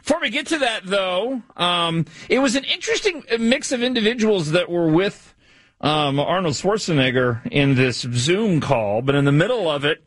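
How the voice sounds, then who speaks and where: A man's voice: sits high, very animated, normal speed, a bit bright, dry recording. A man co-hosting a talk radio show, rambling with fillers and restarts. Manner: rambling, many fillers and restarts, laughs easily. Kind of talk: casual talk radio banter.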